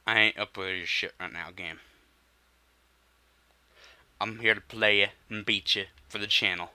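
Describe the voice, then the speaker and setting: A man's voice: fairly low pitch, steady tone, a little slow, pushed and bright, clear, resonant tone, dry recording. A young man commentating his gameplay, frustrated and swearing, often muttering under his breath. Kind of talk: let's play commentary.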